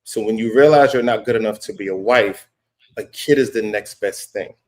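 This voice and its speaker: A man's voice: fairly low pitch, moderate pace. Assertive man making his case. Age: 30s. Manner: assertive, lecturing. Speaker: podcast panelist. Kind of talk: casual debate.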